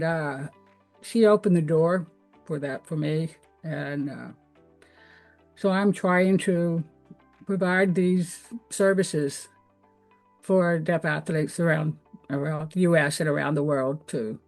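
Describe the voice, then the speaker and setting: A woman's voice: fairly low pitch, slow, pauses often, a little mellow. Southern lady from tennessee chatting as a guest, middle-aged, earnest, lots of uh and you know, faint music under it. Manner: earnest, candid storytelling with fillers. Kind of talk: interview answers.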